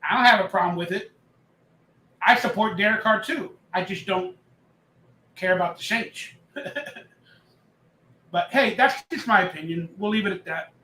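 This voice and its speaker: A man's voice: sits high, normal speed, long pauses, sharp tone, reverberant. A man hosting a casual live stream, chatting loosely, reading out viewer comments and joking as he rambles. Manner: chatty, reads chat aloud, jokes and rambles. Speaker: livestream host.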